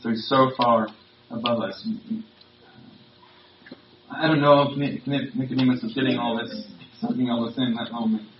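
A male pastor delivers a sermon in a plain, conversational way, leaning into key points with emphasis. His voice sits at an ordinary pitch and carries the echo of a large room. It sounds dull and distant, picked up from well away from the mic, with faint noise behind. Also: steady tone, normal speed, pauses often.

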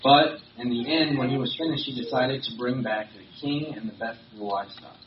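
A man's voice: mid-range voice, fairly quick, a crowd in the background. Man preaching in an echoey hall. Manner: conversational with frequent fillers and restarts. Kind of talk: sermon. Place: church or meeting hall. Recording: roomy, distant, dull lo-fi recording with faint hiss.

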